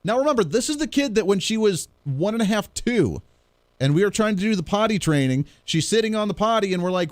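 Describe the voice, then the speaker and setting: A man hosting his own show, telling stories in a casual, animated way and acting out the voices of others. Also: high-pitched, fairly quick, no room sound. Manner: animated storyteller, acts out quoted voices. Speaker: podcast host. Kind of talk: casual monologue.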